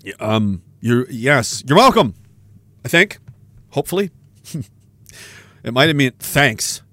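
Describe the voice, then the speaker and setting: A man's voice: mid-range voice, sing-song, takes it slowly, pushed and bright, dry recording. A man hosting a casual live-stream podcast, rambling and joking as he reads viewer messages, laughing often.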